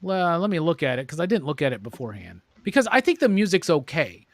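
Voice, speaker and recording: A man's voice: fairly high pitch, sing-song, fast talker, dry recording. A man hosting a casual movie review chat, loose and profane, acting out lines in joking voices. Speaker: host.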